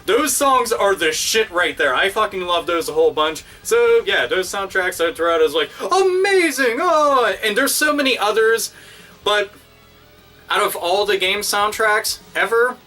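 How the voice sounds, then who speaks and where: A man hosting his own video, ranting casually and excitedly with constant swearing and crude exaggeration. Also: high voice, normal speed, far from the mic, faint music behind. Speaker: video host. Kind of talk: casual profane rant.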